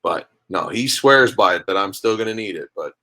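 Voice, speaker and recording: A man, a guest on a podcast, chatting casually and telling animated stories with acted-out dialogue. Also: low-pitched, moderate pace, vocal fry. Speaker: guest, minor league hockey goalie. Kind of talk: casual interview chat.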